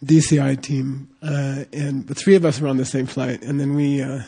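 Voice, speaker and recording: Mellow, husky man telling a story. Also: mid-range voice, level tone, moderate pace. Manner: rambling, conversational, with many fillers and acted-out quotes. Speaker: teacher recounting travels. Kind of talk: casual storytelling talk.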